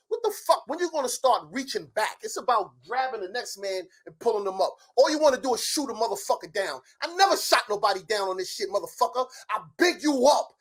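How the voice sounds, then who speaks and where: Angry ranting man, loud and profane. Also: very high-pitched, breathy edge. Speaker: show guest. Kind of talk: heated argument.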